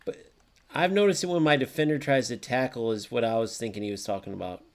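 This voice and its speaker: A young man streaming a football video game, reacting loudly to plays, swearing often and answering viewers in chat. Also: medium pitch, big pitch swings, fast. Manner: chats with live viewers by name. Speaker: gaming streamer. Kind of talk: live gameplay commentary.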